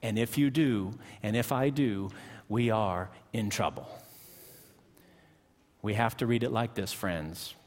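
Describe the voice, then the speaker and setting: A man, a pastor, preaching a sermon in a church, pressing hard on key words and then dropping his voice low and slow. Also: darkish tone. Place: church sanctuary. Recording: long church reverb.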